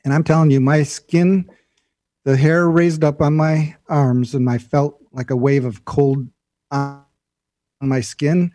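A male guest telling stories in a casual chat, lively and acting out the voice in his head. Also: on the high side, takes it slowly, no echo, faint music behind. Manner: animated storyteller, acts out an inner voice. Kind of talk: casual storytelling.

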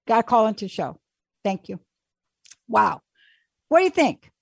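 A woman's voice: on the high side, very animated, measured pace, gravelly, no echo. Emphatic coaxing woman radio host. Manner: emphatic and pushy, coaxing the caller. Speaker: radio call-in show host. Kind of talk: casual call-in coaching.

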